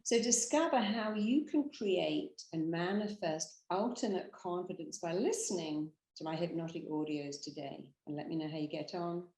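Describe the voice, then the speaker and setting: A British woman delivers a motivational talk with emphatic, animated energy. She acts out the quotes she tells in her stories. Her voice sits a little low, and the room gives it a noticeable echo. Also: normal speed, hardly any pauses. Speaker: therapist and hypnotherapist.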